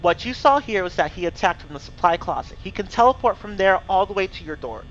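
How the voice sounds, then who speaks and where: A man's voice: high-pitched, expressive, fast, fairly bright tone. A young man casually explaining a video game's mechanics as he plays, cursing when things go wrong. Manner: cursing, exasperated outbursts. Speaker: gameplay streamer. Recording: dull lo-fi mic with faint hiss.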